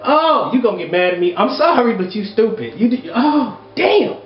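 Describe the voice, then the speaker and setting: High-voiced ranting man in an echoey room. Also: lively intonation, fairly quick, distant mic, slight background noise. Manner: exasperated, loud, profane ranting. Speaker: advice show host. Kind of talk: reading and reacting to viewer letters. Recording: echoey room, dull lo-fi sound.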